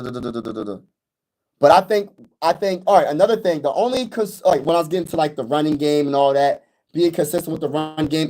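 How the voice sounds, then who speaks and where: A man chats excitedly on a fan livestream, his voice sitting a little high for a man. He repeats his points and calls out to viewers as y'all and bro. The phone he streams from has no mic plugged in, and the audio crackles on his louder notes. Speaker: sports livestream host. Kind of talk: casual fan livestream chat. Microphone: phone with no external mic.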